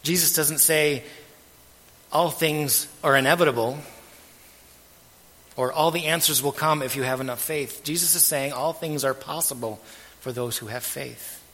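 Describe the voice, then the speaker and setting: A man preaching a sermon as pastor, earnest and measured, letting his phrase ends trail off softly. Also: fairly high pitch. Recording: long hall reverb.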